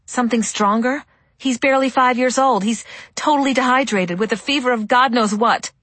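A woman's voice: mid-range voice, moderate pace, fairly bright tone, husky, no echo. A woman voicing a frantic young mother who pleads urgently, her voice shaking, in an audiobook. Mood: arguing.

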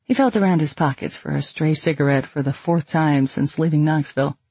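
A man narrating an audiobook in a measured, even storytelling manner. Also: on the high side, slightly rough, no echo.

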